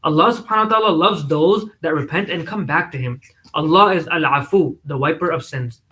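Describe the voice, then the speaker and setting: A man playing a wise older sister, gentle and patient as she guides her brother. The voice stays high and bright. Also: fairly quick, poor audio. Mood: advising. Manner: gentle, advising.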